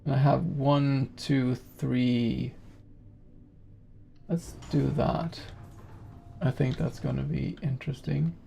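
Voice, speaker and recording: A man's voice: medium pitch, little pitch movement, takes it slowly, vocal fry, pauses often, mellow, dull audio, soft background music. A man streaming a game in casual commentary, chatting with viewers in a rambling, easygoing way and laughing easily.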